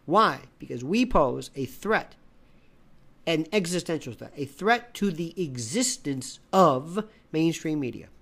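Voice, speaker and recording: Political commentator, opinionated monologue, very lively pitch, repeats phrases, acts out conversations. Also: a little slow, vocal fry. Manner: ranting, repeats phrases for emphasis. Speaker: independent media analyst.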